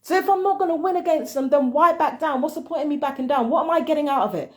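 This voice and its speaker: A woman's voice: high-pitched, fast talker, hardly any pauses. A woman vlogger giving blunt, heated commentary on a phone call, cussing and ranting.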